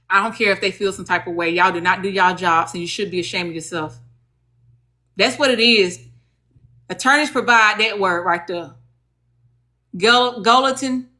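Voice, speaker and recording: A woman's voice: medium pitch, pushed and bright. A woman with a Southern US accent hosting a casual livestream about legal advocacy, chatty and folksy, talking straight to her viewers.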